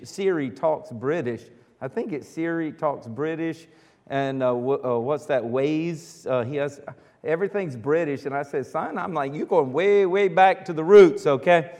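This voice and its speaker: A middle-aged American man preaching a sermon as pastor, animated and putting questions to the congregation. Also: a little high. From United States. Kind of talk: sermon with congregational call-and-response. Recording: long reverb of a church hall.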